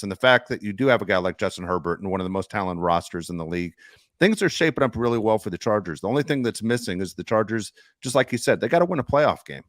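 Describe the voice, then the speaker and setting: A man's voice: on the low side, fairly bright tone, dry recording, clean studio sound. A man co-hosting a sports podcast, giving his opinions emphatically and talking straight to his listeners. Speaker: podcast co-host. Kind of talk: casual sports talk.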